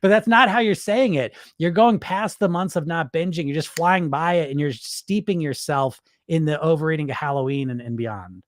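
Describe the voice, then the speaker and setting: A man's voice: a little high, normal speed, hardly any pauses, a little hiss or hum. A man coaching weight loss in a casual livestream Q&A, blunt and loose, swearing now and then and checking in with "right?".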